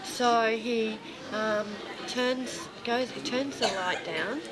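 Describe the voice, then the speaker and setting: Woman, fairly high voice, improvised casual storytelling, laughs a lot. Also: slow, over a noisy crowd. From Australia. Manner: chatty, laughs through her story, imitates others. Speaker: improvising actor telling an anecdote.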